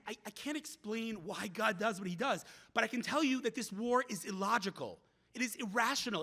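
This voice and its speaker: A middle-aged man giving a speech at a community event, telling stories in an animated way, with frequent restarts and repeated words. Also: sits high. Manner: animated storyteller who acts out quoted voices. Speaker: guest speaker.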